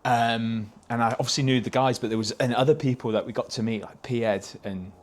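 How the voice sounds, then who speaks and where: A man's voice: medium pitch, steady tone, brisk. A man, a podcast guest telling casual anecdotes, swearing freely and laughing through his stories. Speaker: podcast guest, stock car racing driver.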